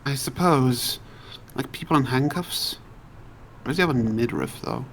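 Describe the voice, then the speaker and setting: A man's voice: mid-range voice, normal speed, gravelly, slight background noise, natural voice. A man voicing an earnest, somewhat flustered young male lawyer in a video game, reading expressively. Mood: eager.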